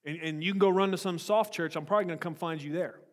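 Man, pastor, sermon, slightly high voice, blunt, joking, confrontational, long hall echo. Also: fast. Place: church sanctuary.

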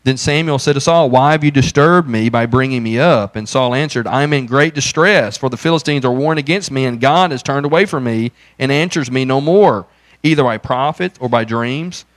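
A man teaching a Bible study, reading the passage aloud before unpacking it in plain, conversational words. He keeps asking his listeners rhetorical questions and grows more forceful as he retells the prophet's rebuke. The voice is mid-pitched and recorded dry and close to the mic. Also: fairly quick, no echo. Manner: reads scripture aloud, then explains it conversationally with rhetorical questions; paraphrases Samuel with rising intensity.

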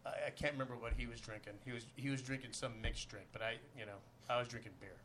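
A man's voice: medium pitch, steady tone, fast talker, a bit bright, slight background noise. A man, a guest actor, telling a rambling, profane anecdote full of "you know" in a podcast interview.

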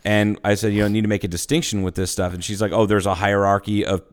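A man's voice: fairly low pitch, flat delivery, fast, clean tone. A man co-hosting a podcast, joking crudely and acting out the people in his stories in casual chat. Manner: joking, crude, acts out quoted voices. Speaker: podcast co-host.

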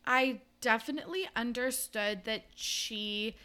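A woman with a bright, smooth voice recaps a book for a casual podcast. She is chatty, full of fillers, and moves quickly from point to point. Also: a little high. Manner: chatty recapping with many likes. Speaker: podcast co-host.

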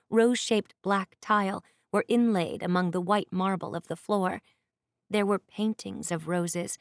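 A woman reading a first-person fantasy audiobook in a measured, descriptive way. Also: mid-range voice, no room sound, clean studio sound. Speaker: audiobook narrator. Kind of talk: scripted first-person narration.

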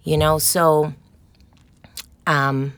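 Woman, salon owner, deep voice, dry sound, blunt and spirited storyteller. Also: extremely slow, clear, resonant tone, no room sound. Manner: lively, direct, in-your-face storyteller. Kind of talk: storytelling interview answers.

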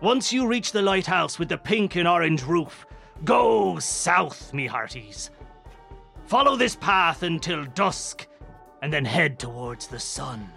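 A man putting on a booming pirate captain. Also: big pitch swings, vocal fry, soft background music, full character voice. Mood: jaunty. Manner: booming, theatrical, slow reading with shouted bursts. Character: blustering male pirate writing a ship's orders.

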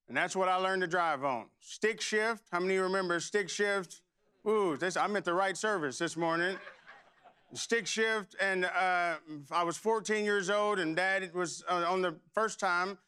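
A man's voice: high-pitched, bright, forceful tone, smooth. A middle-aged man preaching a sermon, telling a folksy personal story and then leading prayer. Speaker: pastor.

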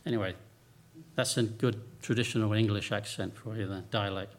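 A man's voice: fairly low pitch, steady tone, brisk, a little hiss or hum. A male preacher delivering a sermon in an easy, conversational way. He breaks off for humorous asides and then returns to his teaching.

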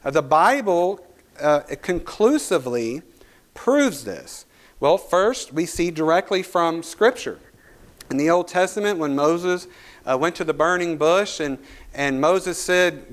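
A man's voice: on the high side, lively intonation, unhurried. A male pastor preaching a sermon, reading scripture aloud and building to emphatic points.

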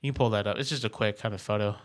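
A man's voice: fairly low pitch, steady tone, racing. A man co-hosting a casual podcast chat, loose and joking, often trailing off and restarting sentences. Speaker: podcast co-host.

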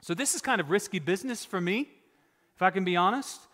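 Emphatic high-voiced male pastor preaching. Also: expressive, fast, big-room sound. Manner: emphatic, swings from loud exhortation to near-whisper. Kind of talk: sermon.

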